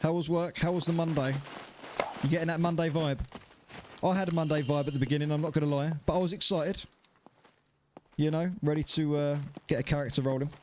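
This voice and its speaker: A man's voice: a little high, steady tone, fairly quick, long pauses, a little mellow, slight background noise. Chatty man streaming a survival game. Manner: chatty, greets and thanks viewers by name, swears freely. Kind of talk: casual live-stream chat while playing.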